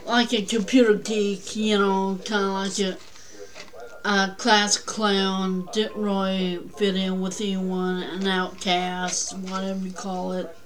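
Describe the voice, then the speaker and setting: A woman's voice: medium pitch, level tone, slow pace, rough recording. A woman guest on a talk show telling a personal story in a rambling, plainspoken way.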